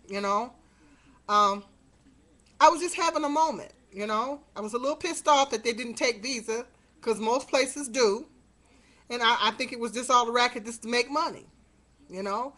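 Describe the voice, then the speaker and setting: A woman's voice: on the high side, fairly bright tone. A middle-aged woman telling a story to her webcam in a rambling, exasperated way, with many fillers. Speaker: vlogger. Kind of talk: casual webcam monologue. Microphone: webcam mic.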